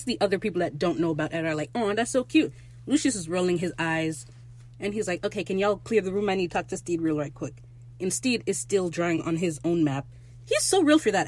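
A host recapping a TV episode in casual, excitable talk, with profanity and rambling asides. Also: mid-range voice.

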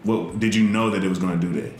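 A man's voice: deep voice, steady tone, fast talker, a little mellow, reverberant, soft background music. A man hosting a casual podcast interview, rambling and searching for his words as he asks questions. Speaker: podcast host.

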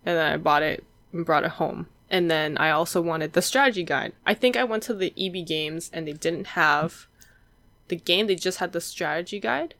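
Young woman guest, chatty storyteller, laughs often, lowish voice, dry close sound. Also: moderate pace, fairly bright tone, dry recording. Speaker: guest collector. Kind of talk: casual chat.

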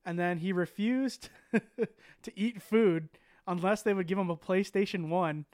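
Casual young man with a high, clear voice. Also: unhurried, darkish tone, dry recording, studio quality. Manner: laid-back storytelling with frequent "like" and swearing. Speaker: podcast host. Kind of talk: casual chat.

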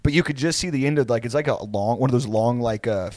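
A man's voice: mid-range voice, fast, darkish tone, no echo. A man in his late twenties telling a rambling, profane story in casual chat and laughing through it. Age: 20s.

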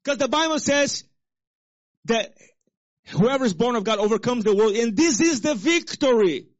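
A male pastor preaching a sermon with call-and-response to the congregation, swinging between loud exhortation and soft low asides. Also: expressive, moderate pace. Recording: dull lo-fi sermon recording.

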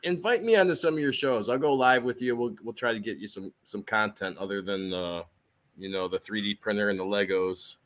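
A man's voice: lowish voice, fairly quick, fairly bright tone. A man co-hosting a livestream in casual chat, mocking and cheering others on. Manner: mocking, then rallying. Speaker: co-host.

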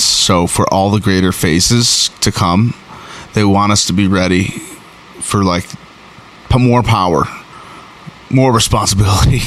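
Man, host, rambling episode recap, slightly low voice, faint noise behind. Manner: rambling and excitable, many fillers and restarts. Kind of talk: casual episode recap and review.

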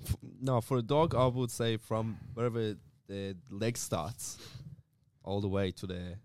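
A man on a casual podcast, talking in halting restarts, saying "mate" and laughing often. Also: lowish voice, fairly even intonation, darkish tone, smooth. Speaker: podcast co-host. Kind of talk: casual chat.

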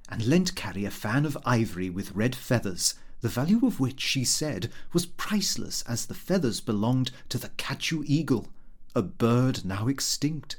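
Male audiobook narrator, mid-pitched voice, animated intonation, expressive first-person comic reading. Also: a little slow.

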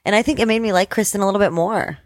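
A young woman co-hosting a podcast in casual chat, blunt and chatty and quick to laugh. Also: medium pitch, no room sound. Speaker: podcast co-host.

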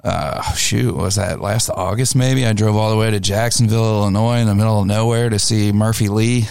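A young man co-hosting a radio show, talking in a relaxed, laid-back way. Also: fairly low pitch, fairly quick, vocal fry, clear, resonant tone, no room sound. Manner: relaxed, laid-back, talks through lineups. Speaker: radio co-host and show promoter. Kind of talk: casual radio chat.

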